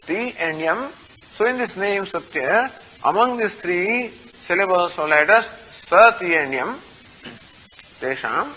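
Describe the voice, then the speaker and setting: An older man teaches a scriptural text, his voice husky yet bright and a little high. He explains slowly, padding his points with "you know," and recites the Sanskrit between explanations. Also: poor audio. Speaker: Vedanta teacher. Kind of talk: scriptural study class.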